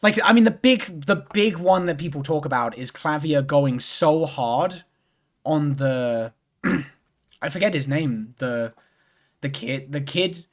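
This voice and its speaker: A young man talking casually over a game stream, his voice sitting a little higher than most men's. He rambles and loops back on himself, filling gaps with lots of "like" and "um". He swears offhandedly as he goes. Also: takes it slowly. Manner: rambling, full of "like" and restarts, swears freely. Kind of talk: casual chat while playing a game.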